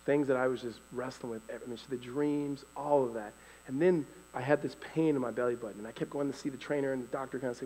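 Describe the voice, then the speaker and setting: A man from California telling a live faith testimony, animated and often laughing as he acts out voices. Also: mid-range voice, fast, big-room sound, a little hiss or hum, rough recording. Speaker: storyteller giving a faith testimony.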